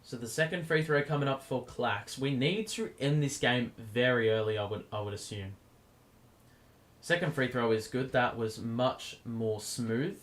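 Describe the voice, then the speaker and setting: A man hosts a live stream and calls the game play by play. His commentary is casual, and his voice is going hoarse. He lifts sharply in volume and pitch whenever a big play happens. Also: normal speed, few pauses. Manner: casual, gets loud over big plays. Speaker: stream host.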